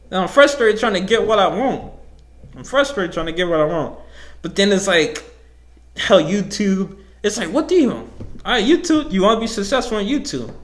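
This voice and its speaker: A man's voice: sits high, fairly bright tone. A young man hosting his own podcast, rambling casually and profanely, often laughing. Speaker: podcast host. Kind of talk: casual solo podcast rant.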